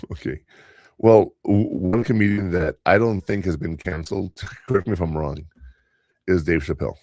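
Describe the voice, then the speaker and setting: This podcast host is an older man with a low, slightly mellow voice, speaking at a normal pace. He chats casually, wanders through anecdotes and acts out other people's lines in voices. There's no echo, and the studio sound is clean.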